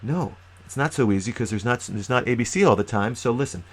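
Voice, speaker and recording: A man giving an animated, emphatic youth ministry training talk, with sudden loud bursts. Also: medium pitch, brisk. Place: lives in New York.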